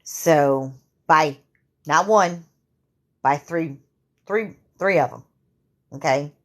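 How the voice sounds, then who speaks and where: A woman in her fifties with a sore throat, telling her own story to camera in a halting way, full of fillers and restarts. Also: low voice. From Louisiana. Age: 50s. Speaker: vlogger.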